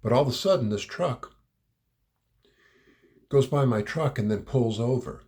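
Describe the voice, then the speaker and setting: Speaking in a mid-range, darkish voice at a slightly slow pace, this middle-aged man tells a personal anecdote out loud. The story rambles, and he keeps repeating words and chuckling along the way.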